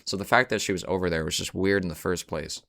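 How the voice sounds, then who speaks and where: A young man with a very low voice tells a loose storytime monologue from home, rambling and swearing freely, leaning on slang and fillers. The sound is dry and close, with little room around it. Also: fast talker, creaky, fairly bright tone, no echo.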